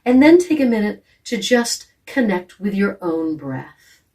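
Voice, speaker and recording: A woman coaching actors through a vocal warm-up, speaking calmly and gently and demonstrating sighs, yawns and hums. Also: mid-range voice, a little slow, recorded from a distance. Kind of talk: guided vocal warm-up instruction.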